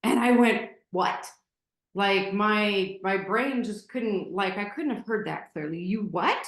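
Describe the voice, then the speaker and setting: A woman's voice: mid-range voice, a little slow, gravelly. A woman guest telling a personal story candidly and emotionally, with many fillers and restarts. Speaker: podcast guest. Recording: roomy echo.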